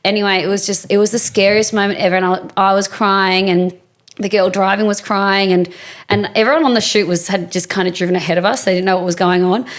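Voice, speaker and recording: A woman's voice: mid-range voice, steady tone, brisk. A woman co-hosting a podcast, telling a story in casual chat, acting out quotes with many fillers. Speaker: podcast co-host.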